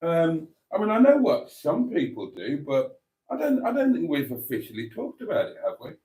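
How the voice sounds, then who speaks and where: A man's voice: a little high, wildly swooping pitch, normal speed, mellow, breathy edge. A man hosting a casual live stream, reading chat messages aloud and chatting in a self-deprecating way. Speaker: livestream host reading chat.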